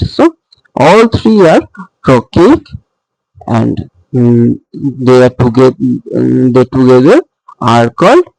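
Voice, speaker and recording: A man's voice: medium pitch, creaky, darkish tone, no room sound, poor audio. A man teaching poetic meter in a recorded lecture, patiently repeating points and checking in with "okay". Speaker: literature teacher.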